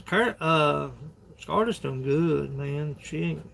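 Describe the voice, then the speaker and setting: A man with a drawl and a deep gravelly rasp rambles folksily through a phone livestream. His voice sits a little high for a man. Faint noise hums in the background. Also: slow, a bit bright. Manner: folksy, rambling, laughs often. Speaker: livestream host. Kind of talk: casual livestream chat.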